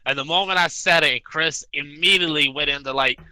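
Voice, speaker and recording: A man's voice: a little high, pushed and bright, clear, resonant tone, no room sound, low-quality recording. A man with a Southern US accent, joking around as a podcast co-host. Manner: quick, joking, crude banter. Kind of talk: casual chat.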